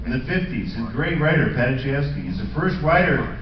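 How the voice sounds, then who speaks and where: Lively man telling stories in an echoey hall. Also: medium pitch, brisk. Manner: animated anecdotes, shouted impressions, frequent laughter. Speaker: panel guest, actor. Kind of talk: convention panel storytelling. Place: large convention hall. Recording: echoey hall, far off, muffled, noisy fan video.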